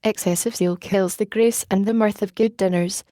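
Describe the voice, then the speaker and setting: A pompous young male student holds forth to his friends in a measured, sermonizing tone, as a woman reads him aloud. The voice is mellow and sits in a middle register. The recording is dry and close. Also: mid-range voice, fairly even intonation, no echo, lightly acted. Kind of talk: audiobook reading.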